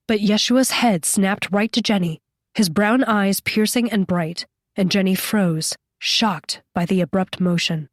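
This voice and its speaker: A woman reading a horror novel aloud as an audiobook narrator, in a steady, measured style. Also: mid-range voice, no room sound, studio quality. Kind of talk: scripted narration.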